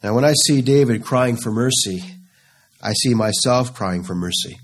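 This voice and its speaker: A man's voice: mid-range voice, moderate pace. A man preaching a sermon, reading scripture in an earnest, pleading way.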